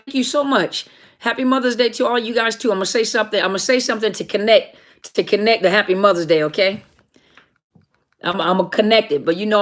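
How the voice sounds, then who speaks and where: A woman's voice: medium pitch, a bit bright. A woman minister hosting a live question-and-answer stream, chatting casually and greeting viewers by name. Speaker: livestream host and minister.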